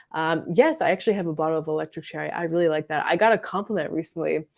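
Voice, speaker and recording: Woman, live stream chat, rambling, giggly, filler words, slightly low pitch. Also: quick pace, creaky. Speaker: fragrance reviewer and live stream host. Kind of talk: chatty live stream talk. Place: her bedroom.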